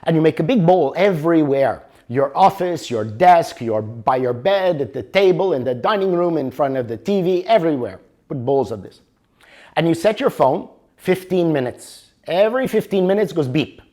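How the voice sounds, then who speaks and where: An older man teaching a motivational workshop, animated and always checking for agreement with the audience. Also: fairly high pitch, normal speed. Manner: animated, keeps asking for agreement. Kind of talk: workshop lecture.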